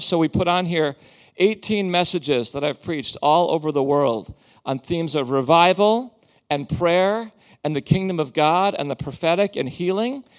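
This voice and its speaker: Male preacher, fairly high voice, animated, joking with congregation. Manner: animated, theatrical, joking with the crowd. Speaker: guest preacher. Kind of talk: sermon with book promotion. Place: church hall.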